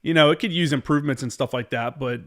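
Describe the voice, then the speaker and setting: A man's voice: medium pitch, fast talker. A man hosting a podcast, a veteran who talks bluntly and rambles, with frequent swearing. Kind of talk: casual conversation.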